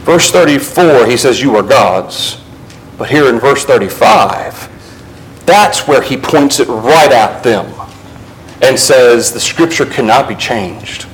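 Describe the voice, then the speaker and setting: A man preaching a sermon, reading scripture aloud and explaining it verse by verse, dropping low for emphasis and rising for quoted passages. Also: animated, low-quality recording. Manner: shifts between low, quiet emphasis and raised, quicker passages.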